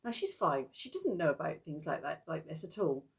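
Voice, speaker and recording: A woman's voice: normal speed, vocal fry. A middle-aged woman casually telling ghost stories in a chatty, meandering way. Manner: chatty and meandering, breaks into lively high-pitched acted quotes. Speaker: spiritual vlogger.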